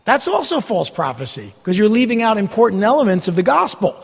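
Male pastor, high and animated, gravelly, emphatic folksy preaching, reverberant sanctuary. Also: fairly quick. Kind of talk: expository sermon. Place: church sanctuary. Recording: long hall reverb.

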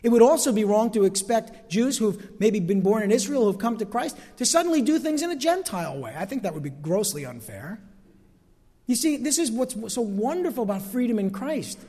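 Very animated and a little fast, this pastor's mellow voice sits high as he preaches in a church sanctuary. He stretches key phrases emphatically and seeks amens from the congregation, echoing with long hall reverb.

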